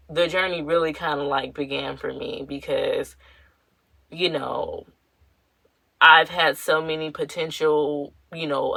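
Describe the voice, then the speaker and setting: Low, bright-voiced young woman podcaster. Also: no room sound, poor audio. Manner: candid, rambling, full of "you know" fillers and slang. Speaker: podcast host. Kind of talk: casual personal podcast talk.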